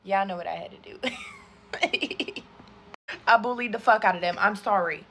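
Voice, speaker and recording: A young woman in her twenties telling a storytime while getting ready, animated and swearing constantly. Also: mid-range voice, normal speed, a little hiss or hum. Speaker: TikTok storyteller. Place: bedroom.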